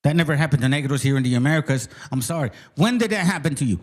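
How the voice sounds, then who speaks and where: A man's voice: on the high side, animated, rapid-fire. Confrontational swearing man ranting. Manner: confrontational, swearing, repeating challenges to viewers. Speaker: channel host. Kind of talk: profane biblical commentary rant.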